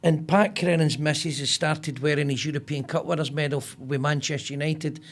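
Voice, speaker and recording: A man's voice: on the high side, fairly quick. A man with a Scottish accent telling a funny story as a podcast guest, acting out the people in it. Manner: lively storyteller, acts out quotes. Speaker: comedian guest. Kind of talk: casual anecdote telling.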